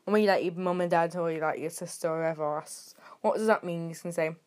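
A British teenage girl hosting her own podcast, rambling and sarcastic, with sudden jumps in loudness. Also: on the low side, fast. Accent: British English. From Britain. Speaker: podcast host. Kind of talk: casual solo podcast chat.

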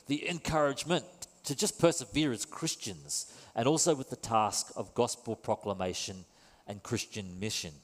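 Man, pastor, sermon, wry, conversational, long church-hall reverb. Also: mid-range voice. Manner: conversational, wry, self-deprecating.

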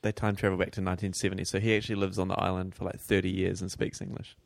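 A man co-hosting a TV recap podcast in casual chat, lively and steering the conversation with quick asides. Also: sits low, gravelly. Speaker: podcast co-host.

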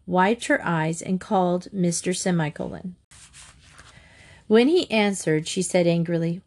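A woman narrating a children's storybook aloud in a lively, expressive way. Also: fairly low pitch.

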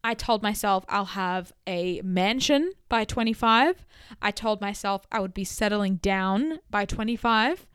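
A woman in her twenties hosting a casual solo podcast. She talks in an animated, chatty way with emphatic bursts. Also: medium pitch, measured pace, clean tone, no room sound, studio quality. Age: 20s. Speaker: podcast host.

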